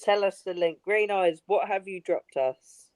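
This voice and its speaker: A woman's voice: medium pitch, measured pace, darkish tone, no room sound. A woman joining a live stream chat, greeting people and swearing bluntly. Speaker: stream guest. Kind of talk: casual chat.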